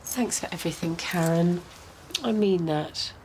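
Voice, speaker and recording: A woman's voice: lowish voice, measured pace, a little mellow, slight background noise. An actress playing a woman who defends her troubled relationship earnestly in a TV drama. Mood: resolute. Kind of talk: TV drama acting.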